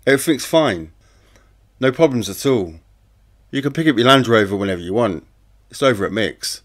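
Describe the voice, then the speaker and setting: A man's voice: medium pitch, normal speed, natural voice. A man reading as a cold, menacing gangster. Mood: breezy. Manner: flat, quietly threatening.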